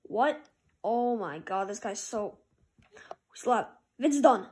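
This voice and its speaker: A woman commentating her own hockey video game match, calling plays and cheering loudly at goals. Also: slow pace. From Canada. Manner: excitable play-by-play, jumps to loud high cheers at goals. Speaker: gamer.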